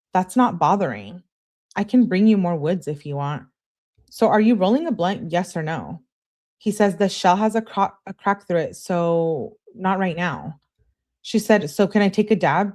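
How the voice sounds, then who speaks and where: Casting: woman streamer, slightly low voice, reads message threads aloud with a "she says, he says" lead-in, casual asides. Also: darkish tone. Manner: casual, narrates who says what before each message. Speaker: livestream host. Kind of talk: reading text messages aloud with commentary.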